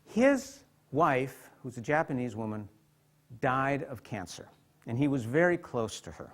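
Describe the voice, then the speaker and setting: A man giving a lecture as a psychotherapist, speaking with heartfelt feeling and dropping soft and quiet in tender passages. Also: medium pitch, big pitch swings, a little slow. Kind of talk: emotional lecture with literary readings. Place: hospital lecture hall.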